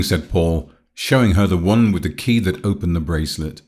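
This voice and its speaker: A man with a very deep voice reads a classic adventure novel aloud. His delivery is measured and formal, as scripted audiobook narration. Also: a little mellow.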